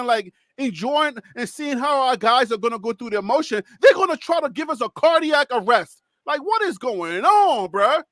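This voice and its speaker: A man hosting a casual sports reaction talk, animated and excitable, laughing often. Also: very high voice, no room sound, studio quality. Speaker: host.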